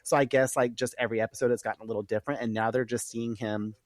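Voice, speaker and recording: A young man hosting a podcast, recapping an episode in an animated, chatty and profane way. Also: mid-range voice, racing, no echo, studio quality. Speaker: podcast host.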